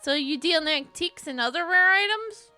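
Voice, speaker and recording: An eager young boy apprentice, as a woman plays him with a high, bright, lively voice. He is excitable and curious, full of questions, like a puzzle-game sidekick. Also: a little fast, faint music behind, exaggerated voice.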